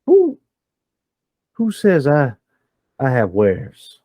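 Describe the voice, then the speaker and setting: A man voicing a proud, suspicious male gang boss who fires off loud, challenging questions in a tabletop game. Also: medium pitch, sing-song, normal speed, no echo, muffled recording, pitched above the performer's own voice.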